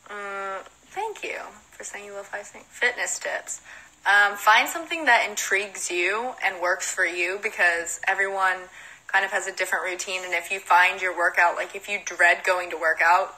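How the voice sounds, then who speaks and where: A woman's voice: mid-range voice, normal speed, sharp tone, low-quality recording. A young woman with a Southern American accent, chatting on a livestream, reading out fan questions and answering them with frequent giggles. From Southern United States. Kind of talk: casual livestream Q&A. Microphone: phone.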